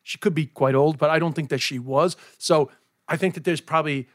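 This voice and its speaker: A man, around his forties, a comedian chatting on a podcast, telling stories in an animated way, acting out dialogue and swearing often. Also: on the high side, fairly quick. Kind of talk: casual podcast interview.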